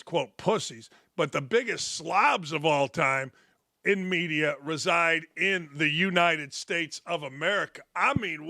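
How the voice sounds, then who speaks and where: Older man, sports talk host, blunt and mocking, tense high voice, dry close sound. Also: bright, forceful tone, dry recording. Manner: blunt, mocking, rambling asides. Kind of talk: opinionated commentary.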